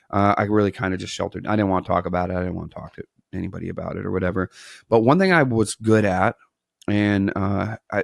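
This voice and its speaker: Gravelly low-voiced man telling stories. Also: no echo, studio quality. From Wisconsin, USA. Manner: animated storyteller, acts out quoted dialogue. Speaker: podcast guest, asphalt business owner. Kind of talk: casual interview storytelling.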